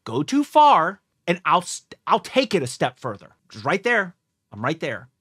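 A young man hosts a casual reaction video and thinks out loud as he watches. His voice sits a little high, swings widely in pitch and has a bright edge. He talks excitably, swears often and is recorded in a dry, close space. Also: unhurried, slightly rough, dry recording.

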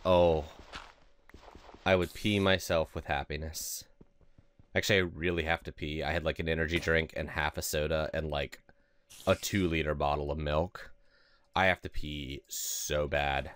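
A man giving casual, excitable let's play commentary over a survival game, yelping and laughing as things go wrong. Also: deep voice. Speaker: gaming video host.

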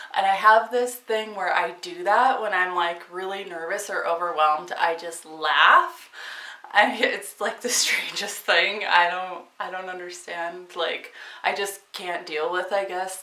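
A woman's voice: on the low side, pushed and bright. A woman vlogger telling a story in a casual, chatty way, with lots of fillers and frequent laughs. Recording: echoey room, from a distance.

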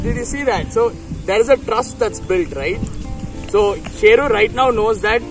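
Guy training his dog outside, high voice, a bit far from the mic, music blasting underneath. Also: animated, normal speed. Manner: upbeat praise to a dog, chatty asides to viewers. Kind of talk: casual instructional talk.

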